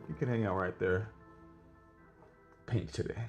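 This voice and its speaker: A man's voice: fairly low pitch, animated, unhurried, long pauses, darkish tone, faint music behind. A young man delivering an earnest, rambling mock painting tutorial, self-help style, with frequent restarts. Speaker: comedic painter.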